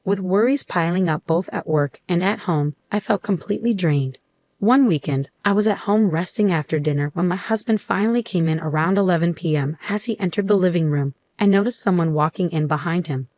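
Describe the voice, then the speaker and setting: A middle-aged woman telling a first-person story in a steady, measured way. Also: fairly low pitch, no room sound. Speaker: narrator.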